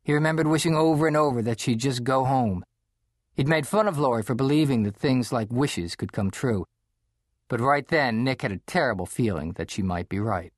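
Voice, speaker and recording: A man narrating a children's audiobook in a measured, expressive storytelling manner, close to the mic. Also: mid-range voice, no room sound. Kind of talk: scripted narration. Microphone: close studio mic.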